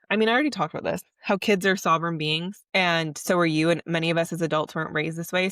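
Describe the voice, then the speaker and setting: A woman's voice: deep voice, fairly bright tone, dry recording, studio quality, distant mic. A woman hosting a podcast, talking casually and earnestly about parenting, with many "like"s and "um"s. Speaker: podcast host.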